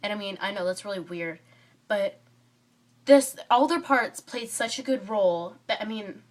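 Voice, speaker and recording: A woman's voice: mid-range voice, moderate pace. A woman with a cold giving a chatty, rambling book review vlog, full of fillers and tangents. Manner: rambling and excitable, many fillers, drifts off topic. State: stuffy from a cold.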